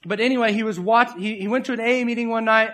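A middle-aged man preaching from the pulpit, his voice unusually high and bright with a sharp edge. He talks in an animated, playful way, jumping into other people's voices and laughs as he tells his stories. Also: fast. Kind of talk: sermon.

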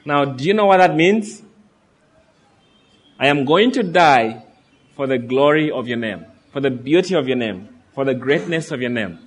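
A man's voice: medium pitch, expressive, normal speed. A man preaching a sermon, reading scripture aloud and earnestly asking his listeners questions.

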